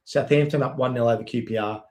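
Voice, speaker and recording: A man giving live, excitable play-by-play on a fan watch-along stream, chatting with viewers between plays. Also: mid-range voice. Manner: excitable, quick play-by-play with frequent "yep"s. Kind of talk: live match commentary and chat with viewers.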